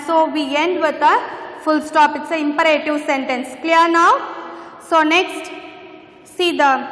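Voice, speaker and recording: A woman's voice: very high voice, a little slow, a bit bright. A woman teaching an English grammar lesson, patiently repeating phrases as she explains. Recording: echoey room with long reverb.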